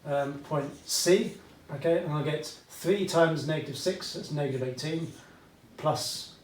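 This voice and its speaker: A man's voice: on the high side, a little slow, a little mellow, slight background noise. A British man teaching a maths lesson at a whiteboard, chatty and fond of asides, checking in with "okay?" often. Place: classroom with whiteboard. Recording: echoey room, voice from far off.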